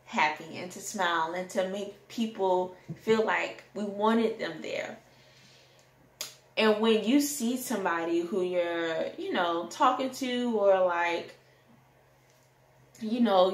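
A young adult woman telling a candid personal story in a rant, animated and sometimes breaking into song. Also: lowish voice. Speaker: vlogger. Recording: echoey room.

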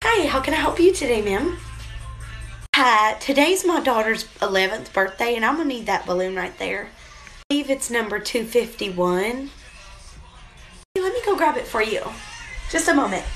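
A woman's voice: fairly high pitch, animated, normal speed, pauses often, a bit bright, faint music behind. A woman acting out both a polite store clerk and a pushy, demanding mother in a comedy skit. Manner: polite clerk, blunt insistent customer.

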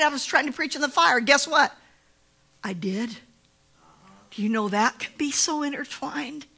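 A woman pastor delivers a sermon with a bright, ringing voice pitched a little high. She tells stories with energy and slips into voices for the people she quotes. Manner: animated storytelling, acting out quoted voices. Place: church sanctuary.

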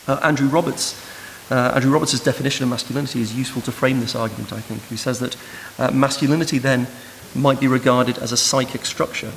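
Brief: man, academic lecturer, measured and thoughtful, with a gravelly edge. Recorded in a reverberant room with hiss. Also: mid-range voice, a bit bright. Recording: noisy hiss in a reverberant hall.

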